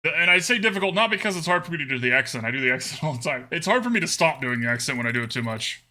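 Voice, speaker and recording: A man commentates his own card game on a live stream, talking casually and reading out chat. His voice sits a little high and very bright, and it bounces around with a lot of pitch movement. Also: lively intonation, racing. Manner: chatty, answers chat, laughs often.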